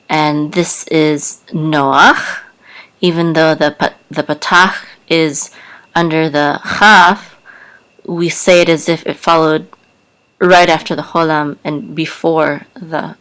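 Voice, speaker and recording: Slow, low-voiced woman teaching. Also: fairly bright tone. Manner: patient, spells out sounds letter by letter. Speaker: Hebrew teacher. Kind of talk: slow spoken lesson.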